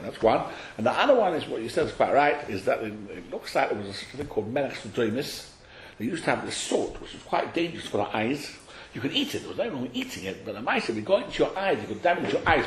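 A man teaching a study class, explaining a text to his students in an animated, questioning way and calling on them by name. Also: fairly high pitch, a little hiss or hum. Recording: echoey room.

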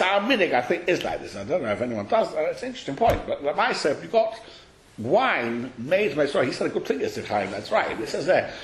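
A man teaching a study class, explaining a text to his students in an animated, questioning way and calling on them by name. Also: a little high, a little hiss or hum. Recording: echoey room.

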